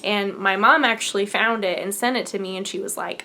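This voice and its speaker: A woman hosting a casual podcast and showing things to the camera. She gushes excitedly and often drops to a near whisper. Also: mid-range voice, brisk, a little hiss or hum. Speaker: podcast host.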